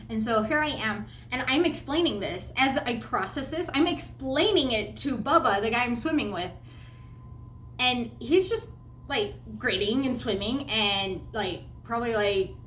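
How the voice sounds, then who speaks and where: A young woman vlogger telling a personal story, animated and emphatic, jumping up high when she quotes herself. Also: reverberant, a little hiss or hum.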